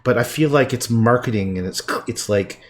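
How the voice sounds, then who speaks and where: A man's voice: medium pitch, normal speed. Middle-aged man, livestream painting chat, rambling and profane, faint hiss behind. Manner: profane, rambling, trails off quietly.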